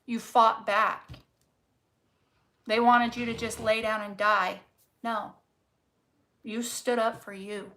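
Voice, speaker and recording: A woman's voice: a little high, level tone, takes it slowly, pauses often, pushed and bright, a little hiss or hum, poor audio. A woman reading tarot cards casually to camera, fervent and encouraging, swearing freely and repeating words for emphasis. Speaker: tarot reader.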